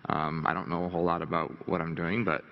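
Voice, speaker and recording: A man's voice: low voice, little pitch movement, fast talker, vocal fry. A man telling a candid, rambling, self-deprecating story to a live audience as a motivational speaker. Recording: dull lo-fi recording in a reverberant hall.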